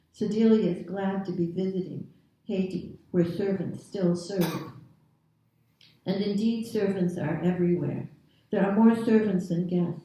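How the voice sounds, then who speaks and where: A woman author reading her own prose aloud at a literary event, in a measured, deliberate storytelling manner. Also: mid-range voice, dark tone. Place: reading series venue. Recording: very echoey room, distant mic.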